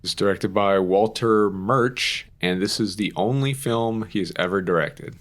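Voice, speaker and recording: A young man with a lowish voice talks through a podcast in loose, easy chat. He rambles and fills his sentences with "like" and the odd swear word. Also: measured pace. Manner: chatty, rambling, with frequent "like" and casual swearing. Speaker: podcast co-host. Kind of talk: casual chat.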